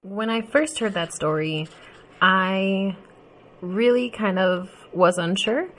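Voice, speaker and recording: A woman's voice: mid-range voice, slow pace, a bit bright, a little hiss or hum. A woman reflecting casually and thoughtfully on a story she has heard. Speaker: commentator.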